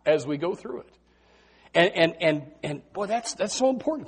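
A man preaching a sermon in a folksy, animated way, swinging between loud and soft and saying amen often. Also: normal speed, husky. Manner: folksy, animated preaching with big swings in pitch and loudness, frequent amens.

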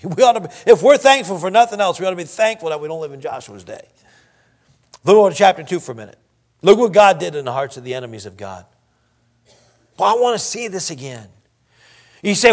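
A pastor delivers a sermon in church, his voice high for a man and somewhat sing-song. He reads scripture in a slow, deliberate way, slips into quiet asides, then climbs back up with emphasis.

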